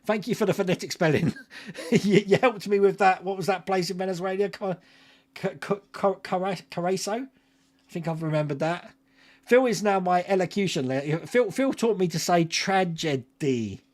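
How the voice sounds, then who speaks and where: A man's voice: sits high, moderate pace, a little mellow. A man, hosting a casual livestream and chatting with viewers by name, laughing often. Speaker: livestream host. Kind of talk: casual live chat reading viewer comments.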